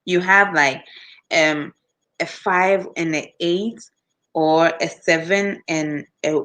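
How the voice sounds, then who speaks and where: A woman with a Ghanaian English accent, chatting casually with her viewers. She tells her stories with a lot of life and slips into the voices of the people in them. Her voice sits a little low. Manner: animated storytelling, acts out customers with quick voice switches and laughter. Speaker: customer service worker, vlogger. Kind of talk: casual chat answering viewer comments.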